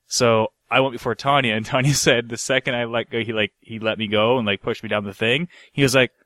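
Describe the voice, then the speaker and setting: A young man telling a story in casual chat, animated, laughing and swearing as he goes. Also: mid-range voice, a little fast, no room sound.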